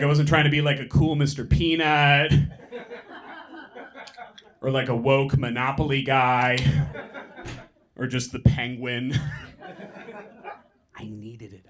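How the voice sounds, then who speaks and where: A young man doing stand-up on a comedy club stage, talking into a handheld mic and delivering quick, deadpan punchlines. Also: medium pitch. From San Francisco. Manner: deadpan, quick punchlines, mock voices for bits.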